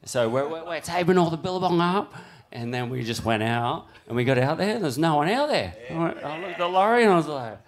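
A middle-aged man spins a story in a relaxed conversational chat, peppering it with swearing. He voices the people he quotes with a jump in energy, keeping the telling loose and lively. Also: on the high side, a little fast. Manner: swears constantly, acts out quotes with rising animated voice. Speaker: guest big-wave surfer. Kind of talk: casual storytelling in a podcast chat.

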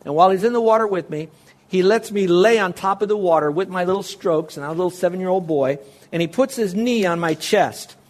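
A middle-aged man delivers a sermon in a slightly raised pitch. He speaks earnestly, often addressing his listeners directly. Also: quick pace. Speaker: pastor.

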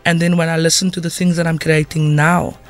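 South african woman on a radio show, warm and excited, studio mic, music faint behind. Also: low voice, fairly quick. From Cape Town, South Africa. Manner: enthusiastic, heartfelt, expressive. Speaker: guest musician. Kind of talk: casual radio interview. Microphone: studio microphone.

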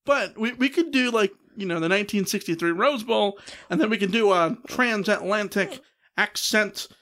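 High-pitched guy in his 30s hosting a podcast, chatty, lots of uhs. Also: bright, forceful tone. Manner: quick, chatty, with many "uh" fillers. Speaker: podcast co-host. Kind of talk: casual podcast chat.

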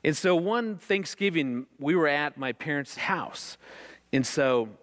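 An earnest middle-aged man gives a faith-based talk on marriage. He tells stories with animation and repeats words when he gets excited. His voice sits a bit on the high side for a man. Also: slow. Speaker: marriage speaker.

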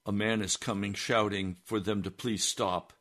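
A man preaching on a broadcast, telling a story slowly and deliberately. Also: on the low side, fairly even intonation, a bit bright. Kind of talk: sermon storytelling.

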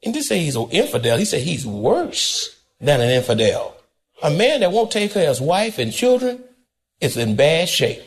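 A male pastor delivers a sermon in a high, lively voice that leaps up and drops low. He talks straight to the congregation in a folksy, conversational way and breaks into the odd shout. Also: moderate pace. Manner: animated preaching, swooping between high and low, occasional shouts.

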